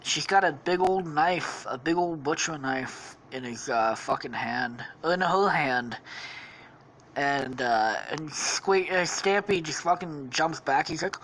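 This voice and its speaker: Brief: profane podcast host woman, low-ish voice, very lively, drawn-out pace. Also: slight background noise. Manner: profane, rambling, lots of swearing. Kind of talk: casual rambling storytelling.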